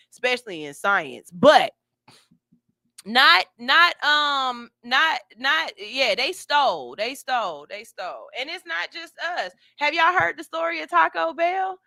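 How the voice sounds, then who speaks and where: A woman hosting a morning radio show, telling stories in an animated, candid and slangy way. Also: a little high, no room sound, clean studio sound. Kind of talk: casual morning radio talk. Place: radio studio.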